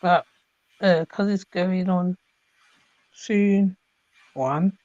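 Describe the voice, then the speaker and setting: A host giving quiet, short agreeing replies while listening to a guest. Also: mid-range voice, drawn-out words, no echo. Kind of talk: brief listening backchannels. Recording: dull, dry lo-fi sound.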